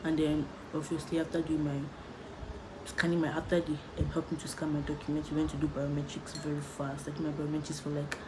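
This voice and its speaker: A woman's voice: low-pitched, completely flat delivery, fairly quick. A young woman vlogger from Nigeria, chatting casually and rambling as she talks to the camera. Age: young adult. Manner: chatty, rambling, laid-back. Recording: noticeable background noise.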